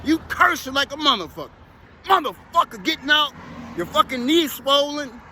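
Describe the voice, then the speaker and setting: A man's voice: very high voice, expressive, normal speed, sharp tone. A man who operates heavy equipment, telling profane, emphatic, rambling stories about the job in casual talk outdoors near traffic. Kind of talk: casual storytelling to camera.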